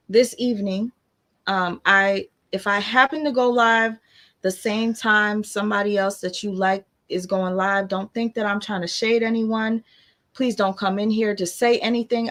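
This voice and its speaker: A woman chatting on a phone livestream as host of her own channel. She talks loosely and warmly to her viewers, thanking them and addressing her baby, in a mid-range voice. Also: mid-range voice. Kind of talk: casual livestream chat.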